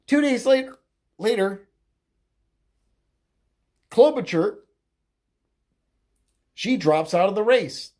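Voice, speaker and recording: In a mid-range, somewhat mellow voice with big pitch swings, a political commentator rants alone at a slow pace, pausing often. He rambles crudely and mockingly, uses fillers, corrects himself, and laughs at his own jokes a lot.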